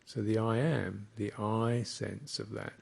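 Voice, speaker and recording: A man, a Buddhist monk, giving a slow, reflective dharma talk with thoughtful pauses. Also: on the low side, fairly even intonation, vocal fry, a little mellow, breathy edge.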